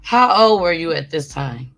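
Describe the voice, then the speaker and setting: A woman's voice: low-pitched, big pitch swings, normal speed, faint music behind. A woman interviewer asking brief, casual questions.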